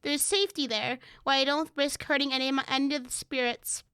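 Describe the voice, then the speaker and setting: A woman streamer reading a dating game's narration aloud in a measured tone, with profane asides. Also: high voice, steady tone, bright, forceful tone, no room sound, clean studio sound. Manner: swears freely, reads narration in a measured tone. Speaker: gaming streamer. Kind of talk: reading a game aloud with reactions.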